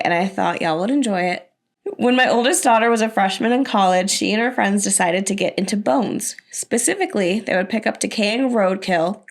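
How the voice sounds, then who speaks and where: A young woman co-hosts a podcast and reads stories aloud for her partner. She keeps a dry, teasing tone. Her voice sits at an ordinary middle pitch. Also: gravelly. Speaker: podcast co-host. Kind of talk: casual chat, reading stories aloud.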